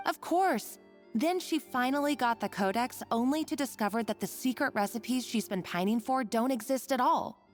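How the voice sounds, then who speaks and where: A woman's voice: a little high, moderate pace, natural voice. A woman voicing a concerned young female colleague in a game, speaking earnestly and thoughtfully over game music. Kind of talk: game dialogue.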